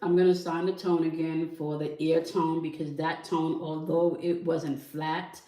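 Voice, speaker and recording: A fairly low-voiced woman teaching her spiritual audience, stopping again and again to ask "okay?". She stands a little back from the mic in an echoey room, so her voice sounds roomy and distant. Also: flat delivery, unhurried, dark tone. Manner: repeats "okay?" after nearly every phrase. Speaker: tarot channel host.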